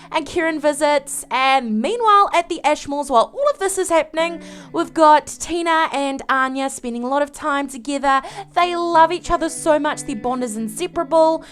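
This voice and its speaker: A woman who makes game videos, narrating a life-sim game storyline in an animated, dramatic way. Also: high voice, normal speed. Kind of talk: story narration over gameplay.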